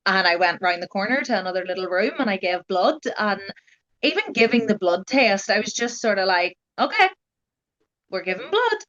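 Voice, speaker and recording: A woman's voice: medium pitch, a little fast, a bit bright, muffled recording. A young adult woman, telling her story as a guest in a casual, chatty way, full of "like" and "you know". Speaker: guest sharing her genetic testing experience.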